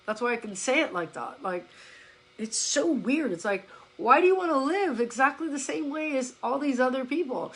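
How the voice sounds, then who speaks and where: Bright, high-voiced blunt woman coach. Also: normal speed, low-quality recording. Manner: blunt, emphatic, swears casually, acts out followers' complaints. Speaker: fitness coach hosting a live stream. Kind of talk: casual motivational live-stream talk. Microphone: phone or laptop.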